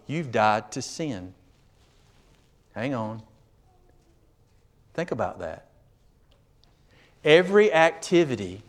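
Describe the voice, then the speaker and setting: Man preaching with a drawl. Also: medium pitch. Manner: conversational, swings from quiet to emphatic. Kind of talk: sermon.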